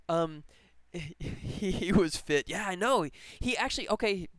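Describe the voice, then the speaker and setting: Streamer guy, slightly high, smooth voice, close dry mic, rambling and enthusiastic. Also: animated, slow pace, no echo. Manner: rambling, enthusiastic, laughs often. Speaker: game developer streamer. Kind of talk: casual live stream chat.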